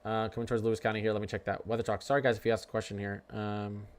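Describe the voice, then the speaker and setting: A man's voice: on the low side, little pitch movement, racing, smooth. Young male streamer, casual and rambling, prone to heated rants, addresses chat directly. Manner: rambling, ranting, talks to chat. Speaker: weather livestream host. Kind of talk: casual live weather stream.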